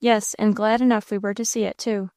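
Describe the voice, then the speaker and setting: A woman voicing a gentle, patient young woman who speaks softly and reassuringly, in an audiobook reading. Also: medium pitch, level tone, fairly quick, no room sound, clean studio sound, close to an everyday voice. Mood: tender, weary. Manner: soft, reassuring, earnest.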